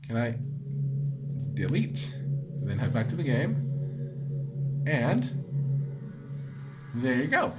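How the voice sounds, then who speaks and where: A man hosting a casual game commentary, excitable and rambling, swearing freely. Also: mid-range voice, slow pace, long pauses, background noise. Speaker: let's play host.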